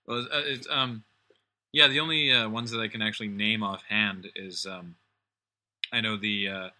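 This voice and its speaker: A man's voice: lowish voice, fairly even intonation, normal speed, pushed and bright. A man co-hosting a casual podcast chat, joking around and slipping into comic accents. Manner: jokey, slips into comic accents. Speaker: podcast co-host.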